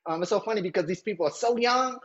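Animated middle-aged man, husky voice. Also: sits high, fast talker. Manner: animated, acts out quoted voices, laughs easily. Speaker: actor, guest. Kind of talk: casual interview talk. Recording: muffled, dull lo-fi audio.

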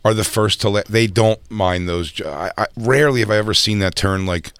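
A man's voice: on the low side, fairly quick, a bit bright, clear, resonant tone, no echo. A man in casual comedy podcast chat, telling crude stories and acting out quotes. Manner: crude storytelling, acts out quotes.

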